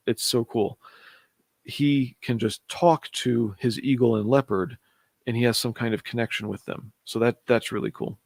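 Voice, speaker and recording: A man's voice: medium pitch, moderate pace, gravelly, a little mellow, no echo. A man casually reviewing a comic book on a stream, thinking aloud, humming to himself and chuckling often.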